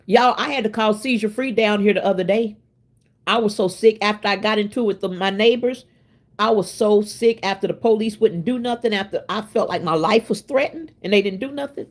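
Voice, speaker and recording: A woman's voice: medium pitch, a little fast. A woman in her fifties hosting her own channel, chatting casually and straight to her viewers, laughing often as she talks. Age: 50s. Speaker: channel host.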